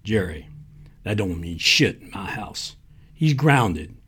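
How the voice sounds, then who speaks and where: A man reading a story aloud voices a gruff, stern middle-aged father, in a lower, quieter husky voice. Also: big pitch swings, slow, exaggerated voice. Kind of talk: reading short fiction aloud.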